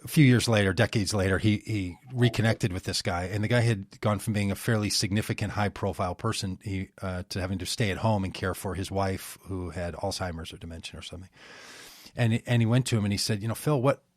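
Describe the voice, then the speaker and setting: A man's voice: deep voice, fairly even intonation, fast, no room sound, clean studio sound. A man talking about faith and politics in a casual conversation, rambling with many restarts and asides.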